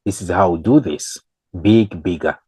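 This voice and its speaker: Male English teacher, lowish voice, drills examples slowly, dry close sound. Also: a little mellow, husky, dry recording, rough recording. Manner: switches between English and Kinyarwanda, repeats examples slowly, counts the learner in. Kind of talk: bilingual grammar lesson.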